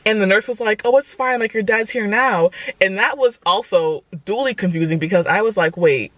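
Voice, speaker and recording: Young woman in her twenties, chatty storytime vlogger, lively and exclamatory, dry close sound. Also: mid-range voice, a little fast, no room sound. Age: 20s. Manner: animated, exclaims to viewers as "y'all". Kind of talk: casual storytime.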